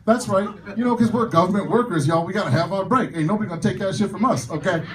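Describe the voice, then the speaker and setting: A man doing a stand-up comedy set in a club, loud with the crowd and self-mocking in his punchlines. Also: sits high, fast talker, recorded from a distance, slight background noise, low-quality recording.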